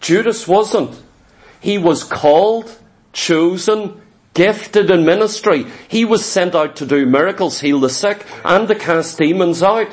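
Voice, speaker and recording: A man's voice: sits high, unhurried. A man preaching a sermon as pastor, emphatic, with rhetorical questions and repeated words as he starts his phrases.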